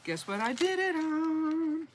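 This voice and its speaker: A woman's voice: sits high, very animated, slow, a little hiss or hum, poor audio. A woman, chatting casually and self-deprecatingly as she shows her cross-stitch projects, laughing often. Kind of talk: casual show-and-tell chat.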